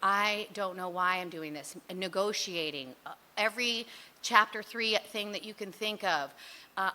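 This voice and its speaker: A woman's voice: mid-range voice, normal speed, pushed and bright. A woman telling her own recovery story at a meeting, candid and rambling, mocking herself and leaning on "you know" and "like". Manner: frequent fillers like "you know" and "like". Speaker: speaker sharing at a recovery meeting.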